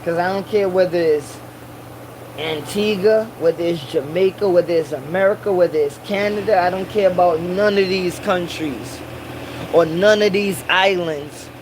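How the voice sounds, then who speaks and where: A man's voice: high voice, moderate pace, background noise. A man in a casual monologue who preaches and repeats his points for emphasis, using Rasta slang and Caribbean English grammar.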